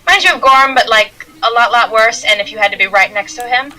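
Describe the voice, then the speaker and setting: A woman's voice: a little high, fast talker, sharp tone, rough recording. A woman narrating as game master in a tabletop game, rambling with restarts. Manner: rambling, many restarts and fillers.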